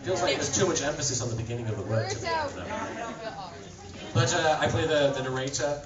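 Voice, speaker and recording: A man's voice: fairly high pitch, fast. A British man from England speaking at a convention panel, self-deprecating and stammering through restarts with frequent laughs. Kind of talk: casual convention panel talk. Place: large convention hall with audience. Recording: roomy, distant, muffled fan recording in loud crowd.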